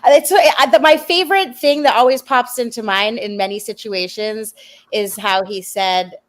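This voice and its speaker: A woman's voice: on the high side, moderate pace. A woman in casual panel chat who shares trivia in long, run-on sentences. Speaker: panel guest.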